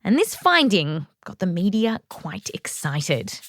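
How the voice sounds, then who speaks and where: Lively Australian woman host. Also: lowish voice, slow pace, no echo. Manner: playful, jokey. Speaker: podcast host. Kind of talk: scripted science narration and interviewing.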